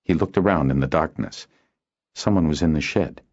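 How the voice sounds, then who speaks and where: A man reading an audiobook aloud as narrator, in a steady storytelling delivery. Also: extremely low pitch, moderate pace, highs cut off. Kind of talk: scripted narration.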